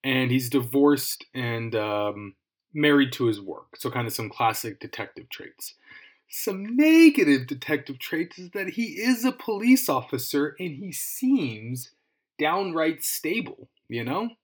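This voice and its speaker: A man's voice: on the high side, sing-song, unhurried. A man with an Irish accent hosting a podcast, reviewing a book in a casual, rambling, self-deprecating way with frequent restarts. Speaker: podcast host.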